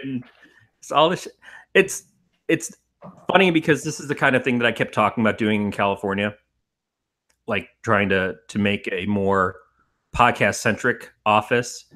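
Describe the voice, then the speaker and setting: Man, podcast co-host, bright forceful tone, rambling, profane, casual banter. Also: fairly low pitch, a little slow. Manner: rambling, profane, laughs often.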